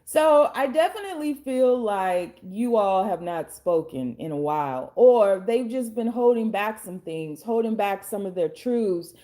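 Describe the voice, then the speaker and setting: Hoarse chatty woman reading tarot. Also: mid-range voice, expressive, measured pace, hardly any pauses, mellow. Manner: chatty, blunt, swears casually. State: hoarse, losing her voice. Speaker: tarot reader and life coach.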